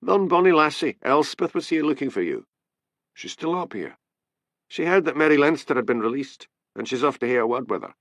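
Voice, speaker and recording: A man's voice: medium pitch, lively intonation, a little fast, fairly bright tone, dry recording, clean studio sound, voice pushed up. A man voicing a petulant, teasing young constable.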